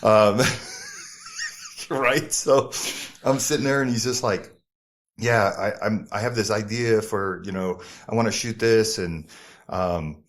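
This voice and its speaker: On a podcast, a middle-aged former model with a New Jersey accent recounts a story from his past to the host. His low voice stays animated, peppered with swearing and quick impressions of the people involved.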